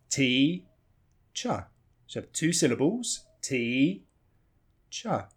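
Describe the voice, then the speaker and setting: A British man with a slightly husky voice leads a pronunciation lesson, his pitch rising and falling in lively waves. He slows down to model each sound, saying weak and strong forms over and over. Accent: non-rhotic British English. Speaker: English teacher.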